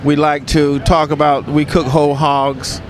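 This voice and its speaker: A man from Eastern North Carolina, a pitmaster speaking in a courtly, flattering way outdoors at a food festival. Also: on the high side, unhurried. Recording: noisy outdoor festival sound.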